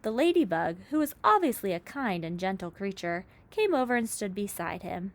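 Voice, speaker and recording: Storybook narrator, woman, mid pitch, lively and expressive. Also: normal speed, hardly any pauses. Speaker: reader. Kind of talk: storybook read-aloud.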